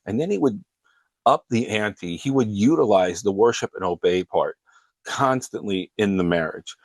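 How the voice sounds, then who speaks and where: A man with a low-pitched voice hosts his show, earnestly retelling a counseling client's story in a steady, conversational way. His voice sits close and dry, with no room sound around it. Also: moderate pace, dry recording. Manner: earnest storytelling, frequently breaking into quoted dialogue.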